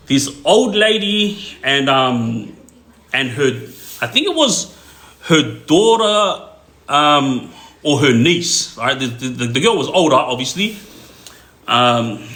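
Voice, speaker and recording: A man's voice: medium pitch, sharp tone. A man tells a rambling, filler-heavy story casually on a phone livestream. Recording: roomy echo.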